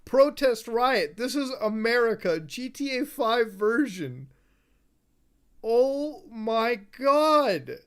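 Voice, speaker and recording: A woman's voice: a little high, big pitch swings, slow, smooth. A woman streamer giving profane reaction commentary on a live stream, exclaiming and shrieking in disbelief.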